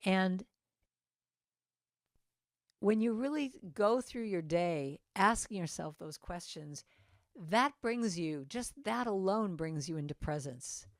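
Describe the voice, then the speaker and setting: A woman's voice: mid-range voice, lively intonation, takes it slowly, long pauses, no room sound, clean studio sound. A woman giving an inspirational talk at a church service, chatty and meandering, with asides to people in the audience. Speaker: guest speaker at a church service. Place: church sanctuary.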